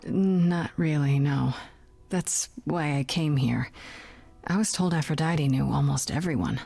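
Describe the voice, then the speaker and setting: A woman's voice: sits low, a little slow, gravelly, dark tone, husky, full character voice. An actress playing an earnest young woman investigating a death in a video game, speaking plainly. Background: faint game music.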